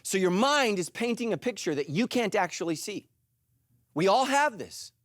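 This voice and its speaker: A middle-aged male pastor preaching a sermon in an animated, joking way, acting out little voices. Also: high-pitched, normal speed, dry recording, clean studio sound. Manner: animated, jokey, acts out voices.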